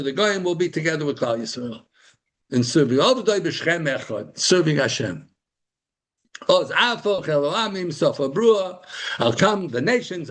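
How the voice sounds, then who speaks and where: Leading a live Torah class, this man speaks in a mid-range, husky voice. He asks questions rhetorically and supplies the answers, mixing Hebrew words into English.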